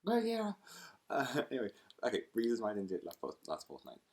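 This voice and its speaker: A man's voice: lowish voice, sing-song, racing, slightly rough. A man chatting casually to camera at home as a book vlogger, rambling between asides and laughing easily. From United Kingdom.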